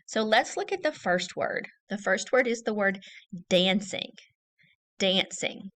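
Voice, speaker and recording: A woman teacher giving a recorded early-grade reading lesson, saying each word slowly and clearly and repeating it for young children. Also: medium pitch, fairly bright tone.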